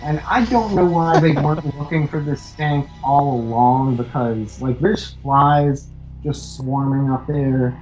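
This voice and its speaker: A man's voice: on the high side, measured pace, a little mellow, highs cut off, faint music behind. A man co-hosting a podcast, casually recapping a movie with loose, profane chatter and lots of fillers. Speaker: podcast co-host.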